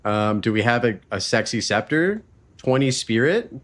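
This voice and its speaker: A man's voice: medium pitch, very animated, moderate pace, fairly bright tone. A man hosting a live stream, chatting loosely and swearing freely while he plays a game and talks about his podcast. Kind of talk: casual live-stream chat while gaming.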